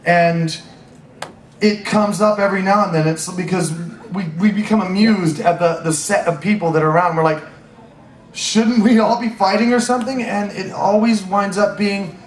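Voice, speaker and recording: A man's voice: high-pitched, fairly even intonation, moderate pace, a little hiss or hum. An American man telling funny stories on a convention panel, rambling and profane, stammering and repeating words. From United States. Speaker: comedy panelist. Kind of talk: casual comedic storytelling. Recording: echoey room.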